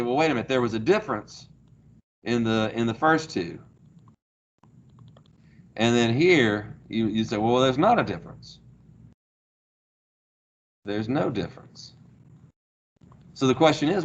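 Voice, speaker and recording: A man's voice: mid-range voice, lo-fi sound. A male math teacher, lecturing a class, asking questions and praising the answers. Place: classroom, heard through a small speaker.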